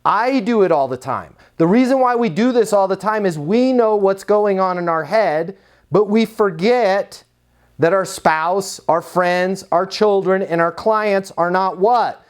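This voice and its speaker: A man giving a conversational sales coaching talk and pitch, asking rhetorical questions along the way. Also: unhurried. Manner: conversational, asks rhetorical questions, acts out quotes.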